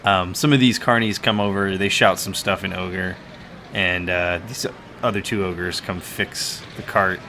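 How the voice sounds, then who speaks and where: Man, game master, low pitch, bright tone, rambling, faint hiss. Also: steady tone, measured pace. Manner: casual, rambling with fillers. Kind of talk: narrating a tabletop game.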